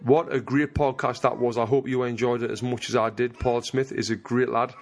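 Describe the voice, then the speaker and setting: A man's voice: mid-range voice, level tone, a little fast. A man hosting a podcast, chatting in a casual, matey way with his guest and addressing his listeners. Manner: friendly and matey, says "mate" often. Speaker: podcast host. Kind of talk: casual interview chat.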